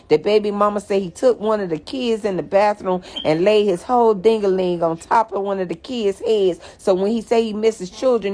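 A woman's voice: medium pitch, a little mellow. Woman host, phone live stream, profane mocking rant to viewers. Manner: profane, blunt and mocking, addressing viewers as y'all. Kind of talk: ranting commentary to viewers.

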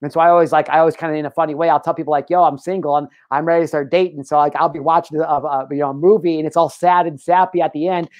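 An American man hosting a podcast interview, talking in an animated, emphatic way. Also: on the high side, racing, few pauses, dry recording. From United States. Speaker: podcast host. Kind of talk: casual interview chat.

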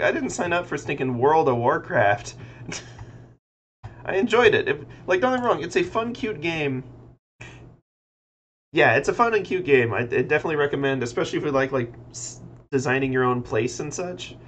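A man's voice: mid-range voice, a bit bright. A man streaming casual chat, rambling about games and muttering to himself as he works on a computer. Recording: slightly dull lo-fi audio with faint noise.

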